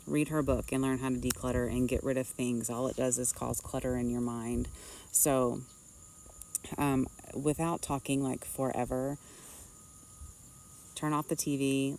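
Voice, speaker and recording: A woman's voice: extremely low pitch, darkish tone, far from the mic, a little hiss or hum, rough recording. A woman, a nurse, giving earnest, rambling spiritual advice in a casual vlog, recorded outdoors.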